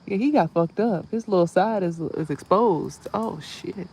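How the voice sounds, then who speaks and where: Animated, swearing woman vlogging outdoors. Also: lowish voice, unhurried, slight background noise. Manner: animated, swearing, exclaims loudly at things she sees. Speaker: spiritual vlogger and reader. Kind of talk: casual rambling vlog. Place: outdoors near trees.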